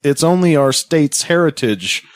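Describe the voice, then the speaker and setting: Expressive male co-host, lively pitch, mocking, casual podcast banter. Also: measured pace, no room sound. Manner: expressive, swings into loud mocking outbursts. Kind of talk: casual chat.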